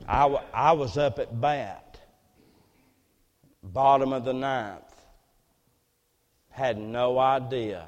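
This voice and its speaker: A man preaching a sermon as personal testimony, earnest storytelling that drops to near hushes and rises again. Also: medium pitch, takes it slowly, pauses often, big-room sound, lo-fi sound.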